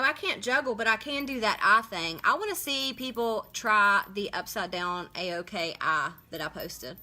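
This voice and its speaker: A chatty woman runs a live makeup tutorial, talking viewers through each step and greeting them by name as they join. Her voice sits a little high and sounds bright and forceful. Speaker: makeup livestream host.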